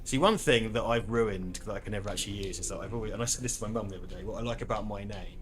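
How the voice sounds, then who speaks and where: A man chatting casually on a gaming livestream, swearing and now and then bursting into excited shouts. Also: lowish voice, rapid-fire. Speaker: livestream co-host playing the game. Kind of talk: casual chat while gaming.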